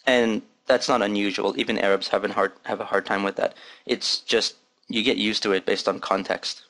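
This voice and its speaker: A man's voice: on the low side, fairly even intonation, moderate pace, gravelly, fairly bright tone. A man teaching a lesson, patiently demonstrating and repeating sounds. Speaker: Arabic teacher. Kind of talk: recorded language lesson.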